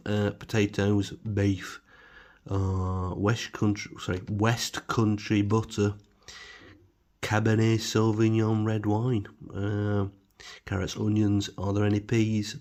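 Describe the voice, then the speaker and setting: A man's voice: on the low side, darkish tone. A man casually reviewing supermarket food in his home kitchen, rambling with many fillers and wry asides.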